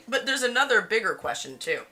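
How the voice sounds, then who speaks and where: A woman's voice: a little high, sing-song, normal speed, bright, forceful tone. A tired woman co-hosting a casual livestream, chatty and giggly as she reads the chat aloud. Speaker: livestream co-host. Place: home studio in Los Angeles area.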